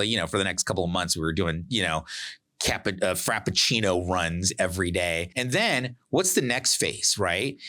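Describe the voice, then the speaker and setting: Bright-voiced man telling a lively story. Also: fairly low pitch. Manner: animated, acts out quoted dialogue. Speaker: podcast host. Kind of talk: casual storytelling talk.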